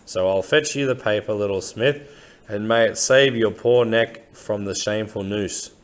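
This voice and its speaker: A man reading as a disreputable old man who croaks like a parrot, with slow, folksy, rough speech. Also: fairly low pitch, lightly acted. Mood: earnest.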